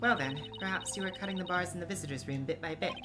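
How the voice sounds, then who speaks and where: A man's voice: sits high, quick pace, noisy background, pitched above the performer's own voice, close to an everyday voice. A man voicing a haughty young royal who speaks in a formal, condescending way, with game music behind.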